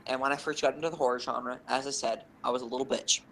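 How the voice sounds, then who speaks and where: Bright, animated young man telling stories. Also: mid-range voice, fast, slight background noise, rough recording. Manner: animated, swearing, rambling anecdotes. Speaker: podcast co-host. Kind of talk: casual storytelling.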